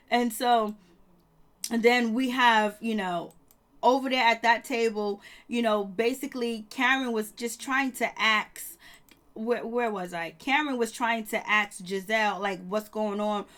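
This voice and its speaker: A woman's voice: a little high, a little slow. A woman, recapping a reality show in a loose, chatty way. She laughs often and acts out the cast's lines as she retells each scene. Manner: animated retelling with laughs and acted-out quotes. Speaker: reality TV reviewer.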